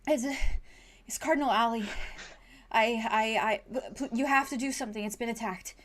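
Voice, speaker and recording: Scared little boy stammering and begging for help , woman game master voicing him, bit higher than her normal. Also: fairly quick, a little hiss or hum, natural voice. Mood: panicked pleading. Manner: stammering, pleading. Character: frightened young boy, panting and desperate.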